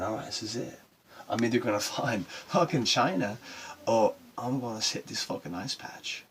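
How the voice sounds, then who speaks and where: An actor playing a rough-talking male sailor who recounts his solo voyage in a rambling, emotional monologue. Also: lowish voice, a little hiss or hum. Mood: awed. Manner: profane, rambling and emotional storytelling. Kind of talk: dramatic monologue.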